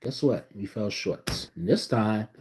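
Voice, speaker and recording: A man giving a casual, profane reaction rant as a sports fan vlogger, swinging between loud outbursts and low muttering. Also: a little slow.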